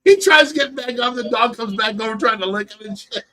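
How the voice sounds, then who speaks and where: Bright, high-voiced middle-aged man. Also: brisk. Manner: animated, laughs through his stories. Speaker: livestream host. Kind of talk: casual storytelling chat.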